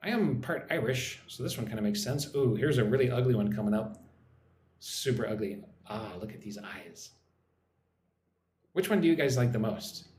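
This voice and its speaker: A man's voice: mid-range voice, expressive, normal speed, a little mellow. Playful, chatty man in a roomy echo. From Texas. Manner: playful, chatty, amused exclamations. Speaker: English teacher streaming live. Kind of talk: casual live stream chat. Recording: roomy echo, faint background noise.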